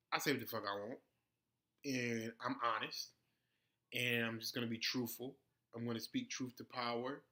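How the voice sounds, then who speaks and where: A male vlog host talks bluntly and swears freely, mixing slang into a casual rant. His voice is bright and crisp at an average pitch. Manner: heated during the rant, laid-back in the sign-off.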